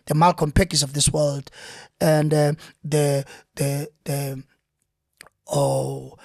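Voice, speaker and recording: A middle-aged South African man, a veteran actor, chatting in an interview and telling lively stories with many restarts. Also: takes it slowly, creaky, dry recording, studio quality. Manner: animated storyteller, lively pitch swings, many restarts. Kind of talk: casual interview chat.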